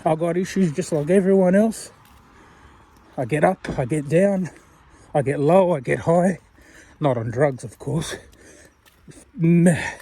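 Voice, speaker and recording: A man's voice: fairly high pitch, unhurried, pauses often, warm tone. Rambling Australian man chatting on a walk. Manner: rambling, chatty, self-deprecating, addresses viewer directly. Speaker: vlogger. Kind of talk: casual walking vlog talk. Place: outdoors walking along a road.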